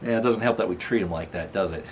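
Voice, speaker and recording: A man's voice: low voice, fast talker, a little hiss or hum. A middle-aged man hosting a casual vlog, rambling and chuckling as he chats from his apartment. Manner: rambling, chuckling, talks baby-talk to his dog. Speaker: channel host. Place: apartment room.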